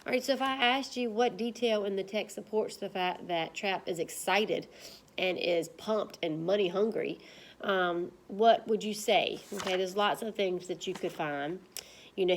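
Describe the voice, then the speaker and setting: A woman's voice: medium pitch, normal speed. Woman teacher chatting through a lesson. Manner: conversational, with frequent fillers. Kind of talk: read-aloud lesson.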